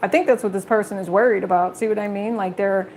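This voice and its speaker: A woman's voice: mid-range voice, fairly even intonation, fast talker, a little mellow, a little hiss or hum. A woman giving a casual tarot reading straight to her viewers, blunt and chatty, swearing freely. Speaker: tarot reader.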